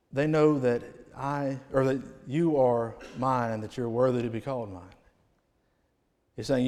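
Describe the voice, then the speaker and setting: A man preaching a revival sermon in a church, rising to loud proclamations and falling to near-quiet phrase endings. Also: medium pitch. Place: church sanctuary. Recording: long hall reverb.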